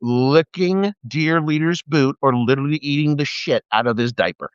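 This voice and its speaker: His voice a little high, clear and resonant, a middle-aged former police officer goes on a profane, sarcastic political rant at normal speed during a live video, putting on mocking voices. The phone or webcam recording is dull and dry, without echo.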